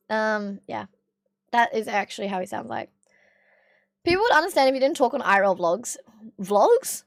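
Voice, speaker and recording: A young woman from Australia streaming casually with a hoarse, strained voice, chatting, swearing and reading chat aloud. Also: medium pitch, expressive, normal speed, pauses often, no room sound, clean studio sound. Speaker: livestreamer.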